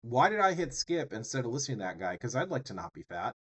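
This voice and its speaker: A man's voice: medium pitch, sing-song, quick pace, breathy edge. A man teaching public speaking in a chatty, joking lecture full of rambling asides. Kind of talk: casual lecture.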